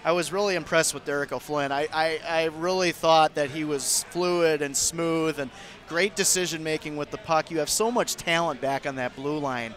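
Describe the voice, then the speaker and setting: A man's voice: on the high side, steady tone, normal speed, a bit bright. A man co-hosting a local sports show in a restaurant, asking long questions and teasing guests. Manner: joking, long wordy questions. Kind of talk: casual interview hosting.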